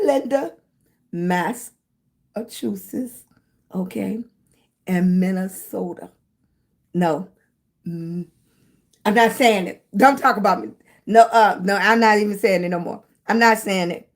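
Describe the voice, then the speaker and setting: A middle-aged woman hosting a casual live stream, chatting with viewers and greeting them with pet names like baby and sweetie. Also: mid-range voice. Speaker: livestream host.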